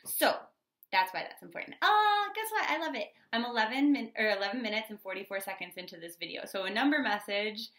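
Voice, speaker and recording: A woman's voice: mid-range voice, quick pace, a bit bright, roomy sound. A woman giving a casual tarot reading vlog, bubbly and chatty with lots of fillers. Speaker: tarot reader.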